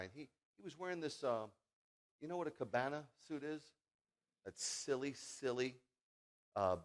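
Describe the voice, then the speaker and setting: A man in his fifties, a rabbi giving a sermon, telling personal stories in an animated, jokey, emphatic way. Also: fairly low pitch.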